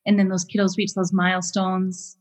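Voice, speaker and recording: A woman's voice: mid-range voice, completely flat delivery, moderate pace, darkish tone, in a large hall. A woman hosting an interview podcast, asking questions and backing the guest with short agreements. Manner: supportive, asks questions, frequent mm-hmms. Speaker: podcast host.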